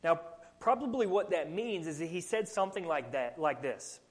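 A man's voice: on the high side, big pitch swings, normal speed. A man with a Southern US accent preaching a sermon, earnest and full of rhetorical questions. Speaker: pastor.

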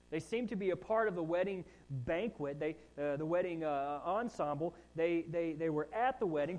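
A man's voice: on the high side, a little mellow, poor audio. A man preaching a sermon in a conversational way, with asides and rising emphasis on key points. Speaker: pastor.

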